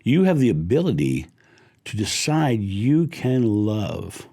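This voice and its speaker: A middle-aged man giving a slow, heartfelt spiritual talk, lingering gently on his words. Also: lowish voice, sing-song, creaky. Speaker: spiritual teacher.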